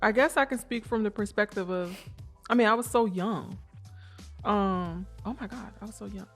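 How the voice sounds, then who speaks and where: A young woman co-hosting a casual podcast with her partner, animated and teasing, with a Black way of talking. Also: mid-range voice, soft background music. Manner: animated, teasing, quick bursts of loud emphasis. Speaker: podcast co-host. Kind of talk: casual couple chat.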